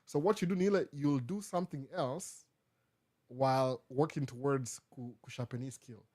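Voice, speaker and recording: A man's voice: medium pitch, fairly even intonation, normal speed, darkish tone, dry recording, clean studio sound. A man from Kenya, hosting a casual live Q&A, answering viewer questions and slipping Swahili phrases into his English. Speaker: host.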